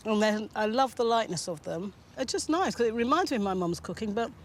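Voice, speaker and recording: A woman TV presenter as a guest, chatting casually, playful and quick to laugh. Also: on the high side, expressive, a little hiss or hum. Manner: warm, laughs often, playful. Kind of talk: casual chat.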